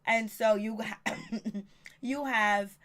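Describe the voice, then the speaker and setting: A woman giving a casual, outspoken reality TV recap, chatty and profane, quoting the cast in quick snippets. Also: fairly high pitch, fairly even intonation, fairly bright tone. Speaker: show reviewer.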